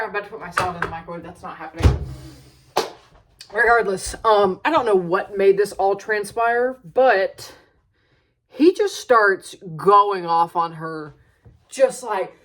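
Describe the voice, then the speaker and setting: Brief: young woman vlogger, exasperated profane rant, middle pitch, sits back from the mic. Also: a bit bright, distant mic, a little hiss or hum, low-quality recording. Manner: heavy swearing, exasperated, rambling asides. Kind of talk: casual storytelling rant.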